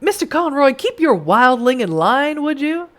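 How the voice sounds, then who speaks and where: A hoarse woman doing a smug male stranger with a Western drawl, sly and sinister in a dark game. The voice swings lively up and down, pitched a bit above her own. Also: normal speed, heavily acted. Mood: taunting.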